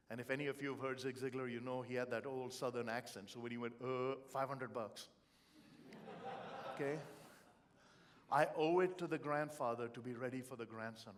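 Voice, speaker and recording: A middle-aged man giving a live motivational talk, telling stories with humor and feeling. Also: mid-range voice. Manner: expressive, storytelling, humorous. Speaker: motivational keynote speaker.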